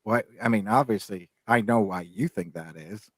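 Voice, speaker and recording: A man's voice: on the low side, breathy edge, no echo. A man in his fifties co-hosting a podcast, rambling through casual chat with lots of restarts and fillers. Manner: halting, many restarts and fillers. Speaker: podcast co-host.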